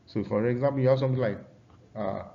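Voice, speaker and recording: A man teaching an English pronunciation lesson at a middle pitch. He repeats words and keeps checking whether students follow. The sound is slightly dull and lo-fi. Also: fast, creaky, dark tone. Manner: repetitive, restarts often, checks in with students.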